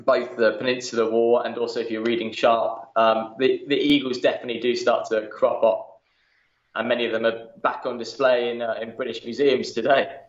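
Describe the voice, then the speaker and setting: A male museum manager chatting as a podcast guest, often pausing on "uh" as he talks. The recording is roomy and a little dull, with a hint of reverb. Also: mid-range voice, little pitch movement. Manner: chatty, lots of "uh" fillers. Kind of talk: casual interview chat.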